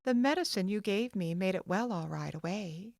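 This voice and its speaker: A woman's voice: medium pitch, animated, moderate pace, gravelly, darkish tone, no room sound, studio quality. A woman voicing an earnest, loyal young girl in an audiobook. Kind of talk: audiobook character voice.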